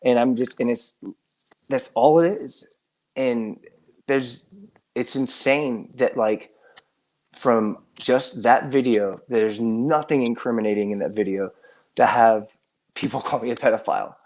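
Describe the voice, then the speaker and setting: A man's voice: mid-range voice, fairly even intonation, unhurried, a little mellow. A man talking casually on a live stream, earnest and exasperated, stumbling over restarts and repeated words as he defends himself.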